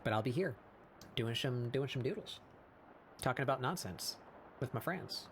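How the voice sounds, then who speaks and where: A man hosting a casual art live stream, hoarse after hours of talking, rambling with fillers and laughs. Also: medium pitch, animated, moderate pace, a little hiss or hum. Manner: rambling and self-deprecating, with frequent fillers and laughs. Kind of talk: casual live-stream chat while drawing.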